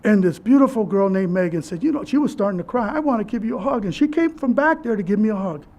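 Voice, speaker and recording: A man giving a personal memorial speech as keynote speaker, telling his story in an earnest, halting way with restarts. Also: high voice, lively intonation, darkish tone.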